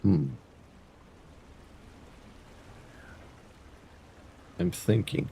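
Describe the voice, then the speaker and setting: A man live-streaming a game in a deliberately bad, broken-English Eastern European put-on, mock-serious and dropping his articles. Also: mellow, close to an everyday voice. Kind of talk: playful accent bit while live-streaming a game.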